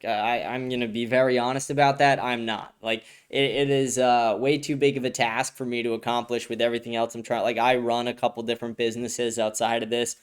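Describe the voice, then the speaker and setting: Hosting a casual livestream news show, a man reacts to chat with blunt, profane rants packed with fillers, often restarting his sentences. His voice is medium-pitched with a clean tone.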